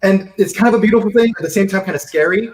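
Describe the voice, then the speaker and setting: A man who grew up in Seychelles, hosting a casual video chat in an animated way, often stumbling over repeated words. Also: sits high, racing, rough recording. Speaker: host. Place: live video call.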